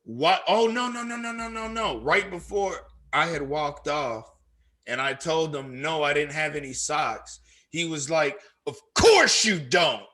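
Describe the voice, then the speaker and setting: A man with a Chicago accent telling a story on a podcast, animated and profane, acting out what people said. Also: a little high, a little slow. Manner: animated, profane, acts out quoted lines. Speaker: podcast co-host. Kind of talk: casual storytelling chat.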